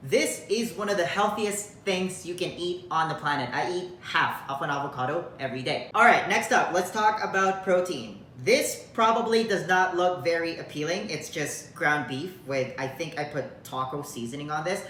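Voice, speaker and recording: A man's voice: a little high, lively intonation, moderate pace, few pauses, bright, forceful tone. A man talking casually to the camera as a fitness coach, upbeat and direct with a joking streak. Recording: echoey room with faint noise.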